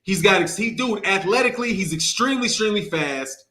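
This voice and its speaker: A man's voice: sits high, lively intonation, fairly quick, pushed and bright. A man hosting a casual boxing talk show, loose and joking as he ranks fighters. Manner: joking, teasing, loose banter.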